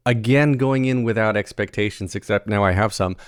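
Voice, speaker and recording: A man from the American South hosting a casual podcast chat, relaxed and often restarting his sentences. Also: on the low side, smooth, no room sound, clean studio sound. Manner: casual, stumbling restarts, quick laughs. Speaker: podcast host.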